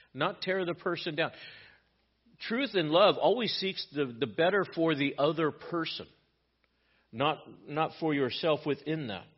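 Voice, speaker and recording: A man's voice: fairly high pitch, husky, highs cut off. A male pastor giving an explanatory sermon, teaching from a Bible letter with frequent restarts.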